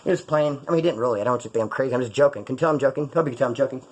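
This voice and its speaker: A man's voice: medium pitch, rapid-fire. A middle-aged man telling rambling, profane, jokey stories about his past, straight to camera. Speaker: ex-prisoner storyteller. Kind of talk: casual storytelling to camera.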